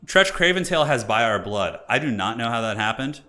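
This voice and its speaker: A young man hosting a live game stream, chatting casually and excitably with viewers and often laughing. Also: mid-range voice, fairly quick. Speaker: streamer hosting multiplayer matches.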